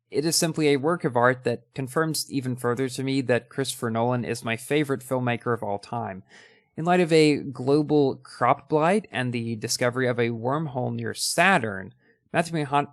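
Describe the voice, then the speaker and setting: Young man, casual movie ranking, enthusiastic, mid-pitched, dry close mic. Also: no room sound. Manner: enthusiastic, fillers and restarts.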